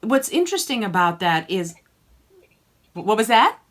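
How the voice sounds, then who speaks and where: A woman's voice: mid-range voice, very animated, normal speed, fairly bright tone. A woman singing teacher coaching students by name in an online group lesson, encouraging them and demonstrating sung vowels.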